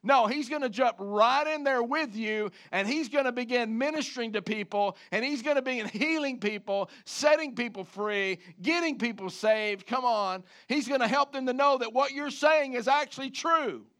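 A man's voice: very high-pitched, normal speed, few pauses. A male pastor delivering an emphatic sermon to a congregation in church. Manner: emphatic, rising to loud preaching.

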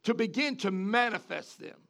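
A man preaching a sermon in an animated way, repeating words and asking the congregation questions. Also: high-pitched, moderate pace, creaky.

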